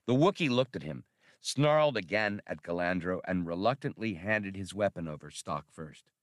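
Male audiobook narrator, deep voice with lively, animated phrasing, dry close sound. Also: moderate pace, no echo.

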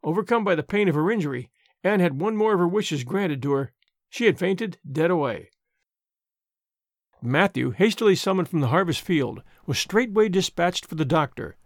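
Audiobook narrator, male; high and animated, measured expressive reads, dry booth sound. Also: no room sound.

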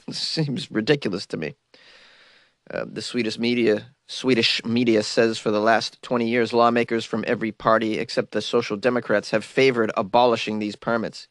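A man with a cold reads news items aloud as a host, dropping wry, mocking comic asides between them. His voice sits at medium pitch and moves at a moderate pace. The studio recording is clean, with no echo.

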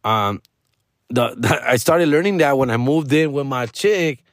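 A man's voice: mid-range voice, measured pace, no room sound, clean studio sound. A man, telling stories casually, profane and slangy, dropping Spanish words. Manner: profane, slangy, code-switching into Spanish, animated quoting. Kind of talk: casual storytelling.

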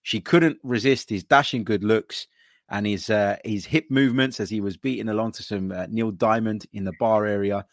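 A man's voice: lowish voice, steady tone, normal speed, no room sound, clean studio sound. A man hosting a betting podcast, reading out listener entries in an easygoing way. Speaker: podcast host.

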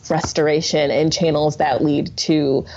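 Husky, low-voiced woman guest. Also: unhurried. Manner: animated storyteller, acts out quotes. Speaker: podcast guest. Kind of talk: casual chat. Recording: dull lo-fi recording.

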